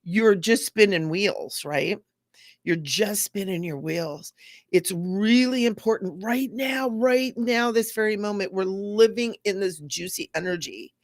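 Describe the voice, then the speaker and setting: A middle-aged woman speaks as a spiritual teacher, earnest and heartfelt, slipping into the voices of the people she describes. Her voice has a gravelly fry running through it. The sound is dry, with little room around it. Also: on the low side, no echo. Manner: earnest, acts out quoted voices.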